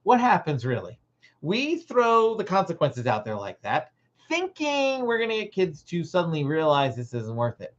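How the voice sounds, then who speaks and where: A Christian parenting coach hosting a livestream, teaching parents in an animated way and acting out short dialogues. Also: mid-range voice, normal speed, highs cut off.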